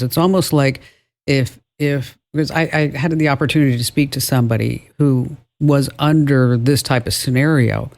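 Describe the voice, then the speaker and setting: A man hosting a call-in radio show about technology. His talk is casual and unscripted, full of "you know" and restarted phrases. His voice sits at an ordinary middle pitch. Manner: conversational, often restarts phrases, drawn-out emphasis. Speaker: radio tech show host.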